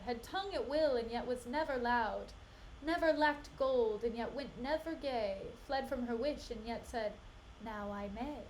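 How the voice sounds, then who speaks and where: A woman reading aloud the lines of a scheming male soldier, reciting measured verse. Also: fairly high pitch, darkish tone, a little hiss or hum, pitched below the performer's own voice, lightly acted, low-quality recording.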